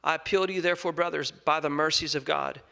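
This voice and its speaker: A young man preaching a sermon, earnest, moving between loud emphasis and soft scripture reading. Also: fairly high pitch, steady tone, quick pace, vocal fry. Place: church sanctuary. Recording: long reverb of a large hall.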